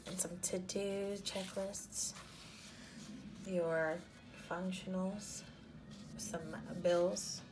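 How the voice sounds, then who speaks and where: A woman showing planner stickers in a casual haul, gushing and often dropping into soft half-whispers. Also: fairly low pitch, flat delivery, extremely slow, long pauses, background noise. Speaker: planner sticker shop owner and vlogger. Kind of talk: casual haul show-and-tell.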